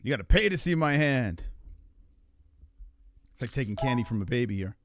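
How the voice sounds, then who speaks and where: A man's voice: medium pitch, lively intonation, normal speed, soft background music. A man casually commentating his own poker game, taunting and swearing at his opponent. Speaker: podcast host playing poker.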